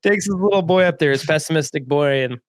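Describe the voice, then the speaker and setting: A man hosting a podcast, telling a story in a relaxed, chatty way with lots of "like" and "right?". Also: on the high side, fast, no echo, studio quality. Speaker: podcast host. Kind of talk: casual storytelling. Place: lives in Florida.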